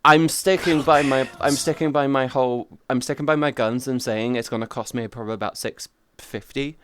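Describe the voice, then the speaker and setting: A man's voice: medium pitch, steady tone, moderate pace, faint music behind. A young adult man chatting casually on a live stream, rambling, swearing freely and restarting his sentences. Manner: rambling, profane, restarts often.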